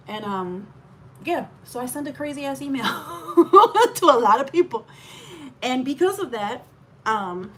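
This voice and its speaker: Animated woman telling her story, laughing. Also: fairly high pitch, a little hiss or hum. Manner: animated, laughs often, quick aside-filled storytelling. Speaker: vlogger. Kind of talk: candid storytime monologue.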